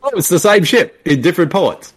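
A man's voice: high-pitched, expressive, slightly rough. A man co-hosting a casual movie-watching commentary, joking and laughing often. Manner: jokey, laughs often, quick to riff. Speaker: co-host.

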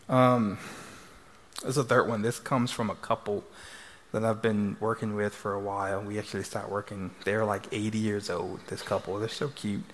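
A man's voice: fairly low pitch, a little hiss or hum. Chatty man who keeps asking "right?". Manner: chatty, tags sentences with "right?". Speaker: couples therapist. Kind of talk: speaking to a live audience. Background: audience laughter.

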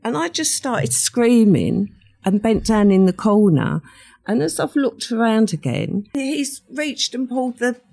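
A woman's voice: a little high, very animated, unhurried, gravelly, darkish tone. An older woman, recounting a true crime story as an interview guest and acting out the quoted voices.

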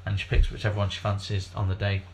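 A man's voice: on the low side, completely flat delivery, fast. A man co-hosting a casual comedy podcast, rambling through facts with lots of fillers and swearing. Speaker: podcast co-host.

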